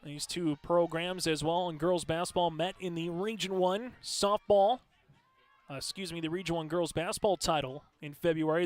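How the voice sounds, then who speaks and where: A man calling live high school softball play-by-play in a steady, conversational way, filling pauses with stats and lineup notes. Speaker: play-by-play announcer. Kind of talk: live sports commentary.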